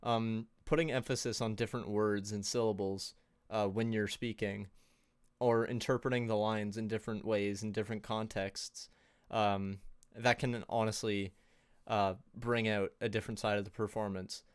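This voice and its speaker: A man's voice: on the low side, flat delivery, moderate pace, clear, resonant tone, no echo, studio quality. A man casually presenting tips on a livestream in a loose, chatty way, full of fillers and little laughs. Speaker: co-host presenting on sound design.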